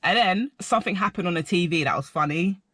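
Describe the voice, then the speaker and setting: Young guy, casual vlog story, bright forceful tone, dry close sound. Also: sits high, fast, breathy edge, dry recording. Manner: rambling, animated, heavy filler words. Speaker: vlogger.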